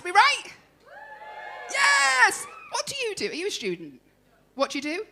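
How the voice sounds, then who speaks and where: A woman's voice: fairly high pitch, sharp tone. A woman with a Liverpool accent, compering a comedy night on stage with brash, sweary banter aimed at the crowd. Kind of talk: stand-up compering.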